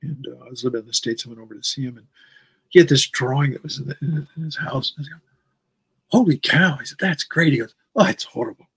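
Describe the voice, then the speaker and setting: A man's voice: mid-range voice, quick pace, creaky, fairly bright tone, husky, dry recording, rough recording. A man in his sixties, a guest in a casual interview, telling long stories in a rambling way and repeating words as he goes. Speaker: comic artist guest.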